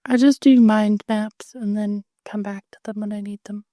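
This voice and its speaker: A woman's voice: medium pitch, steady tone, normal speed, mellow, no echo. A woman co-hosting a podcast, chatting casually with wry, dry jokes. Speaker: podcast co-host. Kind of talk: casual chat.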